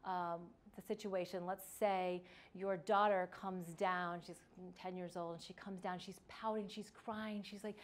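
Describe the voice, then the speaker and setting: A woman's voice: lowish voice, steady tone, measured pace, few pauses. A middle-aged woman giving an instructional talk on parenting, chatty, with fillers and restarts. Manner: conversational, many fillers and restarts. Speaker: parenting educator.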